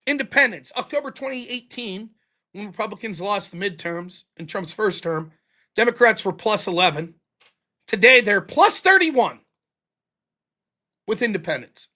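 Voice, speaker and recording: An American man hosting a political livestream, ranting in an exasperated, profane, animated way. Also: high-pitched, moderate pace, long pauses. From United States. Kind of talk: ranting commentary.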